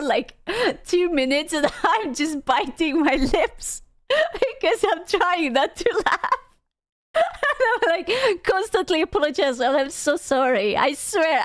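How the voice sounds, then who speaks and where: A young woman streamer telling a story casually to her chat, animated, laughing often and swearing freely. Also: high voice, no echo, clean studio sound. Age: young adult.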